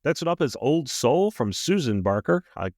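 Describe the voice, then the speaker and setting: A man's voice: medium pitch, moderate pace, no echo, clean studio sound. A man co-hosting a podcast about horror, chatting casually, reading book blurbs aloud and laughing easily. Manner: relaxed, reads book blurbs aloud with frequent "uh"s and easy laughs. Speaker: podcast co-host.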